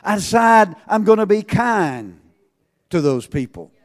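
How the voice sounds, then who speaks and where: A man preaching a sermon to a congregation, swinging between loud calls and hushed asides and asking rhetorical questions. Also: sits high, very animated, measured pace.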